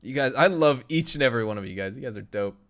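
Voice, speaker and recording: Young male streamer, easygoing and chatty, reads chat aloud, mid-pitched. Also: lively intonation, quick pace, fairly bright tone. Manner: loose, laughing, reads chat aloud and tries impressions. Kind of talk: casual live-stream chat.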